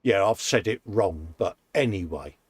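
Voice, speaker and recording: A man's voice: low-pitched, expressive, normal speed. A man co-hosting a casual live stream from a hobby workshop, reading out viewer comments and praising model builds in a chatty, upbeat way. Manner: chatty and upbeat, frequent laughs and "mate". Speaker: co-host of a live modelling show.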